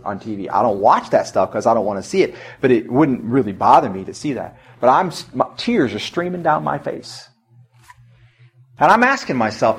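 A man's voice: medium pitch, husky. A middle-aged man preaching a sermon as pastor in a church, telling a story in a conversational way and rising to emphatic points. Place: church sanctuary.

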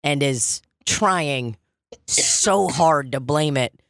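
A woman's voice: sits low, extremely slow, no echo, clean studio sound. A woman co-hosting a podcast in casual chat, teasing, laughing often and swearing freely. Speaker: podcast co-host.

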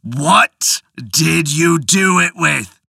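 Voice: mid-range voice, expressive, gravelly, slightly rough, no room sound, clean studio sound, full character voice. A narrator doing an angry demanding husband. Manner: slow, forceful, demanding. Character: angry exasperated husband, tailor. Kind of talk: storytelling voice acting.

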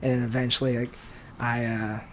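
A man's voice: mid-range voice, level tone, brisk, fairly bright tone, slight background noise. A man from San Diego, a stand-up comedian, chatting as a podcast guest in a loose, rambling way full of fillers and restarts. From San Diego, USA. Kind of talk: casual podcast chat.

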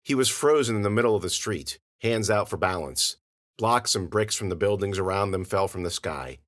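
A man narrating audio fiction in an expressive storytelling manner. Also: low voice, moderate pace.

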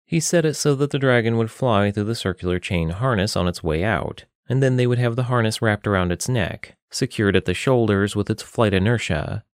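A man reading a fantasy story aloud in a steady, measured way. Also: fairly low pitch, no echo, clean studio sound. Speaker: narrator. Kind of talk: fantasy audiobook narration.

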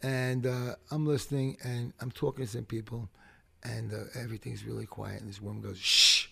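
A man, a podcast guest telling profane, animated stories. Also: medium pitch, fairly quick, creaky, slightly rough. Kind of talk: storytelling chat.

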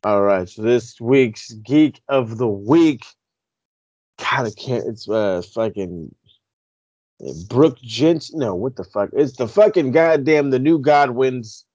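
A man co-hosting a podcast, ranting in a rambling, profane, animated way. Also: medium pitch, slow. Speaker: podcast co-host. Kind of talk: casual chat. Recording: dull lo-fi recording, dry.

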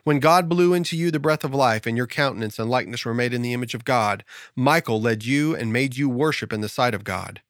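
A man's voice: mid-range voice, brisk, dry recording, clean studio sound, natural voice. A man reading aloud the lines of the devil, a fallen angel, insistent and resentful.

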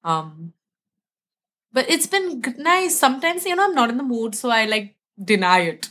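A woman actress as a guest in a casual chat, relaxed and quick to laugh. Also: fairly high pitch.

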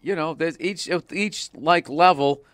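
A man's voice: fairly high pitch, unhurried, fairly bright tone, dry recording. Profane storytelling man, dry sound. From Boston area. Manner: profane storytelling, acts out quotes. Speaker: comedian guest. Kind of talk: casual podcast chat.

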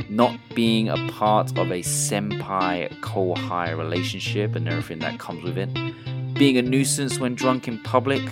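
A man co-hosting a podcast, reading the sponsor spot and intro in a relaxed, casual way. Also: lowish voice. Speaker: podcast co-host.

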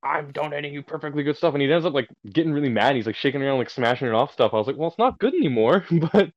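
A man's voice: mid-range voice, steady tone, racing, dry recording, muffled recording. A man casually telling a long story on a podcast, swearing and amused at himself, heard over a remote call. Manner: laid-back, swearing, self-amused storyteller.

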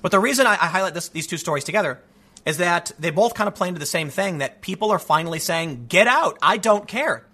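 A man's voice: on the high side, quick pace, pushed and bright. A man hosting an opinionated news commentary show, reading stories aloud and mocking them with sarcastic, rambling asides.

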